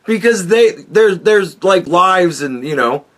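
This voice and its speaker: A podcast host tears into what he is watching, swearing constantly and mocking as he goes. His voice sits a little high for a man. The tone stays casual and scornful. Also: expressive, slow, fairly bright tone. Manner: crude, heavy swearing, mocking. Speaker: podcast host reacting to a clip. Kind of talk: profane ranting commentary.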